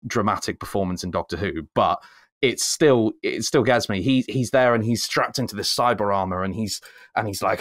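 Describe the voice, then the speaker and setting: A man co-hosting a podcast, ranting in casual chat and climbing high when he gets worked up. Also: a little fast, no echo, studio quality. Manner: animated ranting, rising high when excited. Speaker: podcast co-host.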